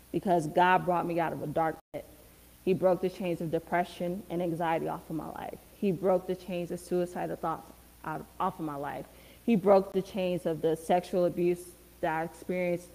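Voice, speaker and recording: A young adult woman giving a sermon as a guest speaker, preaching fervently with repeated, building phrases. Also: lowish voice. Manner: fervent, repetitive preaching cadence. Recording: long hall reverb.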